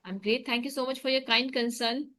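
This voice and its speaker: A chatty young woman leading a relaxed conversation, her voice bright and crisp and a little high. She talks in friendly loops, restarting sentences as she goes. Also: a little fast. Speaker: English conversation host. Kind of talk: casual conversation practice.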